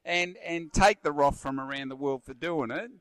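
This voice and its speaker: A man's voice: on the high side, moderate pace, no echo. An Australian man in his fifties, a guest giving blunt, rambling rants in pub chat and calling everyone mate. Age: 50s. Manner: forceful ranting, rambling, repeats words, calls everyone mate.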